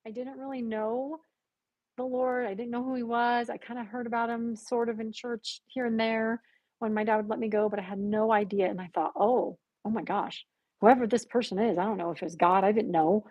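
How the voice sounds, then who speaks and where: A woman guest on a podcast telling a personal story in conversation, animated and acting out the voices she quotes with gasps. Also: on the high side, brisk, no echo, lo-fi sound.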